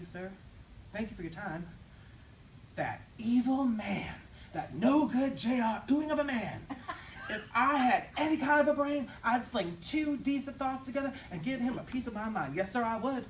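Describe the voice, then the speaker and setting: An actor playing a timid young grocery clerk with a folksy, stammering, deferential way of talking. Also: male voice, high-pitched, echoey room, distant mic, slight background noise, voice pushed up, natural voice, rough recording.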